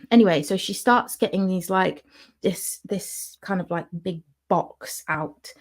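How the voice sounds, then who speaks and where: A young woman vlogger telling a personal story in a casual, animated way, acting out the people she quotes. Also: fairly low pitch, normal speed.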